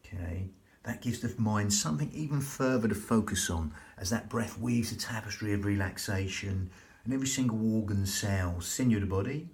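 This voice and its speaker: A man leading a slow, soothing, repetitive breathing and relaxation class as a yoga instructor. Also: lowish voice, vocal fry, a little mellow, a little hiss or hum.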